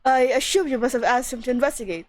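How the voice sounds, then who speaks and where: A woman's voice: sits high, fast talker, a little mellow, lightly acted. A woman voicing a formal male ship official while reading game dialogue aloud, in a stiff, formal manner. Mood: stern.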